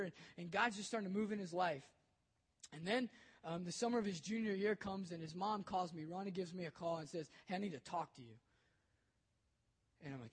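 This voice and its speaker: A man's voice: sits high, slightly rough. A young man, a youth pastor, telling an emotional personal story in a sermon, bold and conversational.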